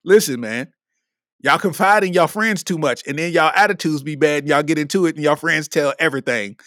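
A man's voice: fairly high pitch, a little fast, pushed and bright, dry recording, studio quality. A man from Kentucky, hosting a podcast solo and delivering a comedic rant with lots of laughter and preachy emphasis. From Lexington, Kentucky. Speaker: podcast host.

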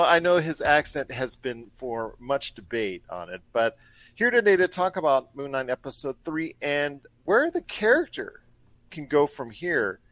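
A man hosting a pop culture radio show and podcast, with an energetic, promo-style delivery. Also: medium pitch, no echo. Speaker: podcast host.

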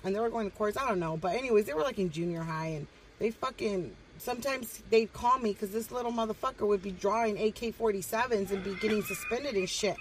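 A woman's voice: medium pitch, fast, far from the mic, slight background noise, low-quality recording. A woman guesting on a podcast, telling stories casually and bluntly, swearing heavily and slipping into Spanish. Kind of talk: casual, profane storytelling.

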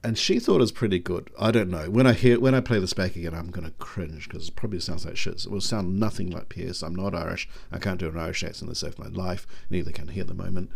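A man's voice: low voice, steady tone, fast, creaky, hardly any pauses, a little mellow, husky. A man, rambling in a self-deprecating casual monologue.

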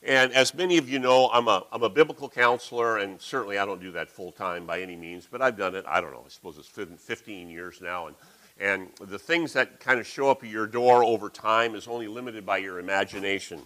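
A middle-aged man preaching a sermon, with folksy, animated storytelling. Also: on the low side, fairly quick, rough recording.

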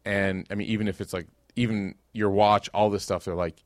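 A man, giving a religious lecture as a casual, animated storyteller who acts out quotes. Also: fairly low pitch, brisk, no room sound, studio quality.

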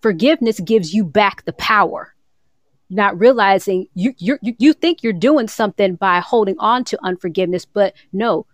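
On a faith podcast, a female co-host teaches about forgiveness in a casual, earnest way, citing scripture in its archaic phrasing. Her mid-range voice is animated and moves at a normal speed. There's no echo, and the remote-call microphone shifts around.

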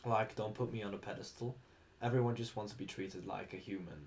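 A man's voice: on the low side, fairly even intonation, a little fast, darkish tone, a little hiss or hum. A young man co-hosting a podcast, chatting casually, joking and swearing freely. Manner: jokey, swears freely, slips into mock accents. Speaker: podcast co-host.

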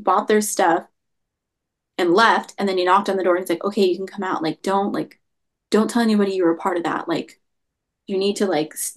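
A young adult woman telling her story as an interview guest, rambling and leaning heavily on the word "like.". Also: medium pitch. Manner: rambling, heavy use of "like" fillers. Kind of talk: casual storytelling.

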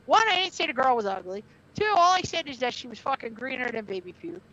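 A middle-aged woman, once a wrestler and now a podcast guest, launches into a heated story full of blunt profanity in casual conversation. Her voice sits high and sounds sing-song and a bit bright, moving at a quick pace, on a dull lo-fi recording.

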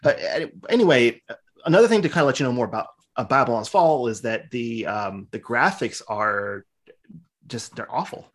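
Husky guy on a podcast, rambly, griping about games, lots of restarts. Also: medium pitch, animated, normal speed. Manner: rambling, opinionated game critique. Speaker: podcast co-host. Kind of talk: casual chat.

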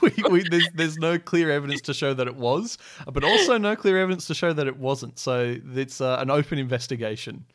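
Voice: medium pitch, animated, a little fast, few pauses, no room sound, clean studio sound. A podcast co-host making joking interjections in casual chat, laughing easily.

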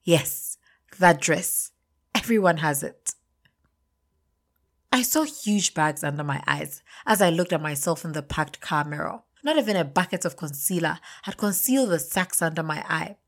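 A young adult woman narrating a first-person story in an expressive, confiding way. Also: low-pitched, normal speed.

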